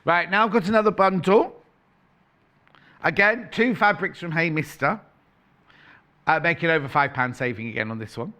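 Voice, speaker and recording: A man's voice: a little high, normal speed, pauses often, pushed and bright. A man presenting on a shopping channel, chatting playfully in live sales patter, correcting himself and reading out prices as he goes.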